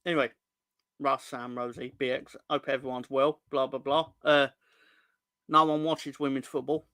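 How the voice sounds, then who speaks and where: A man's voice: medium pitch, flat delivery, moderate pace, bright, forceful tone, dry recording. A young man hosting a fan channel live stream, bantering with the chat in a rambling, jokey, sweary way.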